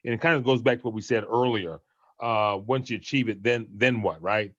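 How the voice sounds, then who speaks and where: Man on a video call, low voice, muffled dry sound, halting. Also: a bit bright, no echo. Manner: thinking aloud with hesitations. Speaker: meeting participant. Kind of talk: casual chat on a group call.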